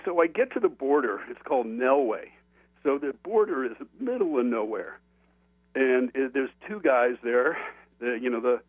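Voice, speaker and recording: A man speaks as a guest author in a relaxed interview, telling his story with lots of laughter and stumbling restarts. His voice sits at an ordinary pitch. It comes through a tinny, phone-like line that sounds dry with no room echo. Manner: animated, laughs often, frequent restarts.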